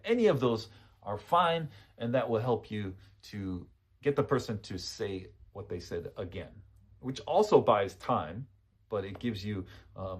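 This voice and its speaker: A man with a husky, somewhat breathy voice leads a relaxed English lesson. He speaks in a patient, easygoing way. He repeats each model sentence, then checks understanding with a quick "okay?". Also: lowish voice. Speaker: English teacher. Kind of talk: casual spoken lesson.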